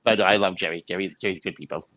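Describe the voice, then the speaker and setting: A man's voice: sits low, steady tone, racing, fairly bright tone, no echo. A man co-hosting a casual comedic chat, rambling and swearing while laughing at his own jokes.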